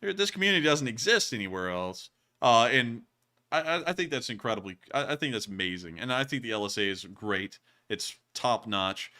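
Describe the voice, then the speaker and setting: Bright, clear-voiced male livestream host. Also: medium pitch, lively intonation, a little fast. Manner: rambling, chuckling, many fillers. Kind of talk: casual livestream chat.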